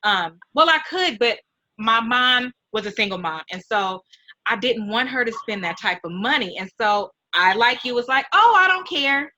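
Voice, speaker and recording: A middle-aged woman hosting an interview, talking in a heartfelt, animated, mentoring way. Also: fairly high pitch, normal speed, low-quality recording. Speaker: host and nonprofit founder. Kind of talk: emotional casual interview.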